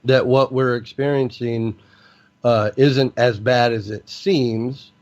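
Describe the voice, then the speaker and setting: A man's voice: medium pitch, steady tone, slow pace, a little mellow, muffled recording. A male radio host who interviews carefully and hesitantly, repeating words as he rephrases.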